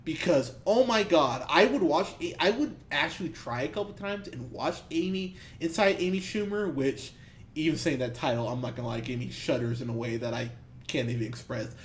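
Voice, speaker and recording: A man's voice: fairly high pitch, normal speed, slight background noise. A man co-hosting a movie podcast, ranting heatedly and profanely about bad films with bursts of laughter. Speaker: podcast co-host. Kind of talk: ranty movie review chat.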